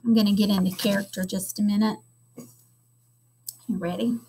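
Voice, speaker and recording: An elementary school teacher, a woman, reading a children's chapter book aloud with expressive storytelling. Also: medium pitch, fast talker, slight background noise.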